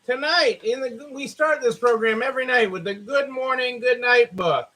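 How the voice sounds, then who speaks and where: A man's voice: very high-pitched, normal speed, sharp tone, poor audio. A tired man hosting a live stream for his store, chatting casually and repetitively, greeting viewers by name.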